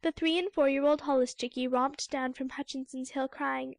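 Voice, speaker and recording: Casting: woman audiobook narrator, fairly high voice, dry close mic, measured storytelling. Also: steady tone, gravelly, dry recording. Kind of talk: scripted narration.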